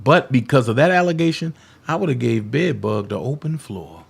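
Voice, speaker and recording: A man's voice: medium pitch, animated, moderate pace, creaky, husky. A man giving confrontational, profane commentary, calling people out in a heated rant. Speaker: commentary vlogger.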